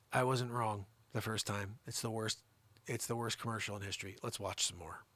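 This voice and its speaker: On a live improvised comedy show, the male host needles his co-host in mock frustration, jumping from loud bursts to low muttering. His intonation is fairly even and his pace measured.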